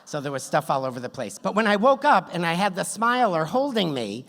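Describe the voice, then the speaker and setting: A man's voice: high-pitched, big pitch swings, a little fast, few pauses, fairly bright tone. A man telling a funny true story on stage at a story slam, wry and self-deprecating, with a good sense of timing. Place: stage in a theater hall. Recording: long hall reverb, on stage.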